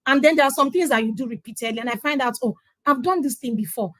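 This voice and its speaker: A middle-aged woman with a Nigerian accent speaks as a guest in a conversational interview. Her voice sits a little high, and she tells her story with emphasis, acting out the lines of the people in it. The sound is close and dry, with no room echo. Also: fast talker. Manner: emphatic storyteller who acts out quoted dialogue. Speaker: interview guest sharing her parenting journey. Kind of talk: conversational testimonial.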